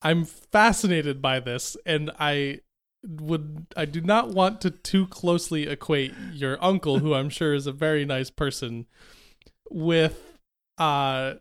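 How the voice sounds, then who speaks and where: A man's voice: on the high side, slow, a bit bright, clean tone. A man co-hosting a casual chat, curious and talkative, thinking aloud as he goes.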